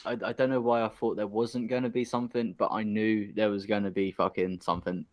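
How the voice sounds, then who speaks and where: A man's voice: lowish voice, little pitch movement, a little fast, no room sound. A man from the United Kingdom hosting a casual podcast interview, bantering, swearing and laughing often. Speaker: podcast host.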